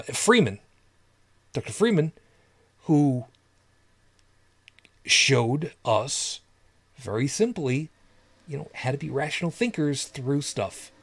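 A man with a mid-pitched voice co-hosts a casual podcast conversation. He rambles and stutters through restarts as he searches for his words. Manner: rambling, repeats words while searching for them. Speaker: podcast co-host. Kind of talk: casual chat.

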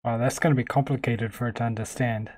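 Relaxed man chatting through a tech demo. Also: mid-range voice, fast. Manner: thinking aloud, relaxed and chatty. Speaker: tech vlogger. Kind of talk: casual screen-recorded tech demo.

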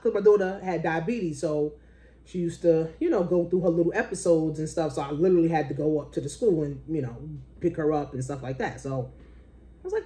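A woman, a business coach, telling a story in a casual way. She swears freely and jumps into a high, excited voice when she quotes people. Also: fairly quick.

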